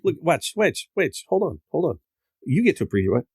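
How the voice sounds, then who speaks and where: A man's voice: fairly high pitch, very animated, a little fast, darkish tone, husky, no room sound, studio quality. A man co-hosting a podcast in casual chat, swearing and ranting with mock indignation. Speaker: podcast co-host.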